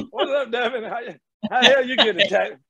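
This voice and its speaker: A man's voice: very high voice, moderate pace, vocal fry, dull audio, a crowd in the background. A middle-aged man, guest on an interview over a video call, telling stories emphatically and repeating phrases. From North Carolina, USA. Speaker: guest actor. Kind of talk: casual interview storytelling.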